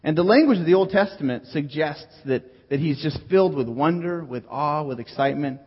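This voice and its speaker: A man's voice: fairly high pitch, brisk, slightly rough. A man preaching a sermon as pastor in a church hall, earnest and teacherly, repeating key phrases. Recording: dull audio with long hall echo.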